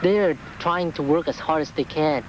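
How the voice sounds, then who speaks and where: An earnest man recounts his experience in a documentary interview, his voice sitting a little high. Clear street noise runs behind him. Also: moderate pace, dull audio. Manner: earnest, indignant storytelling.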